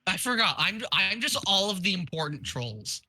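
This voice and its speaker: A man's voice: sits high, very animated, normal speed, sharp tone, no echo. A man chatting playfully with friends while they read a comic together. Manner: playful, laughing, questioning. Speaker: streamer reading with friends. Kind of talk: casual chat.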